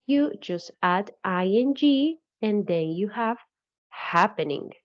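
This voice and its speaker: A woman narrating an English spelling lesson, slowly and carefully repeating each example. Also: medium pitch, animated, lo-fi sound. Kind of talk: recorded English grammar explanation.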